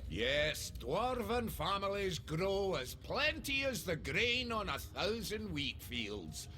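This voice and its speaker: An actor playing a proud, jovial, boastful dwarf lord in a video game, speaking with a Scottish accent in a gravelly voice. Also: male voice, sits high, sing-song, slow pace, sharp tone, soft background music, heavily acted. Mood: hearty.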